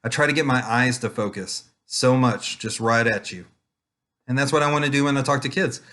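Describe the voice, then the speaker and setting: A man who does children's ministry puppetry, giving a casual, calm, rambling talk over a webcam with many fillers. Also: medium pitch, a little fast. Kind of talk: casual online conference talk.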